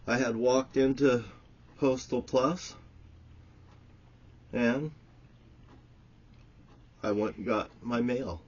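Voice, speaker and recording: A man delivering an angry, profane monologue to the camera as a self-styled prophet, swinging between shouted curses and low, muttered storytelling. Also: fairly even intonation, extremely slow, pauses often, breathy edge, muffled recording.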